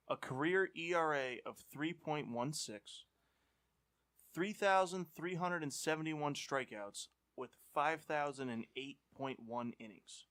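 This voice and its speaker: A man's voice: a little high, a bit bright. A man co-hosting a sports podcast, reading player stats out as a quiz for his friends. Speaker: podcast co-host running a quiz segment.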